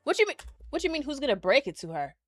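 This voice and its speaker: A woman gaming streamer talking casually and excitably with her live chat. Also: high-pitched, fast talker, soft background music. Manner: excitable, chatty, talks to chat.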